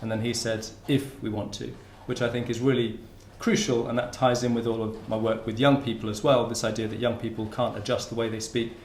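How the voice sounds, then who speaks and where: A university researcher from Hertfordshire, England, talks informally at a conference in a mid-range, darkish voice with a flat delivery, a slightly fast pace and few pauses. Many restarts and fillers mark his speech. The lecture room gives a roomy sound, with a little hiss or hum.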